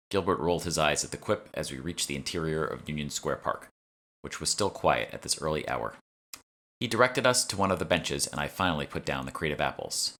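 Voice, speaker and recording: Deep-voiced man reading his novel. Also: lively intonation, fairly quick, bright, forceful tone. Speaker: author narrating his audiobook. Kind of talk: audiobook narration.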